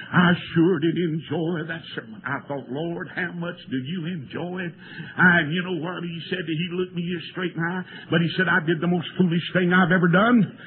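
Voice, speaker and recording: An older man, preaching a folksy storytelling sermon that swells into shouts and tearful cries. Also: fairly high pitch. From American. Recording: tinny lo-fi old sermon tape with faint hiss.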